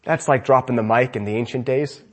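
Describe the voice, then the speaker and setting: A man preaching a sermon with fervent energy, swinging between loud exclamations and hushed lines. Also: mid-range voice, a little fast.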